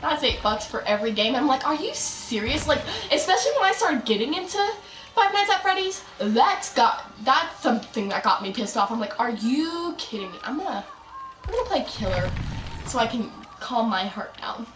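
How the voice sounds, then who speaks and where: A chatty young woman rambles through her game, hopping between asides. Her voice sits a little high and comes from a step back from the mic. The room echoes around her and faint music plays underneath. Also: big pitch swings, normal speed, fairly bright tone, far from the mic. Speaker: gaming streamer. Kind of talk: casual gameplay commentary.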